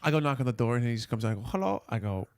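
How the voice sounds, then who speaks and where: A man's voice: mid-range voice, steady tone, racing, clean tone. A man hosting a podcast, telling a long rambling anecdote with profanity and restarts. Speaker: podcast host. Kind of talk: casual storytelling on a podcast.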